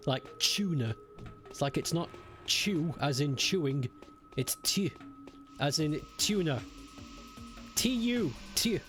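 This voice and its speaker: A young British man streaming a game, chatting with viewers, joking and swearing casually. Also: a little high. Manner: chatty, swearing, laughing with chat. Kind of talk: casual gameplay commentary. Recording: game music behind. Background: game music.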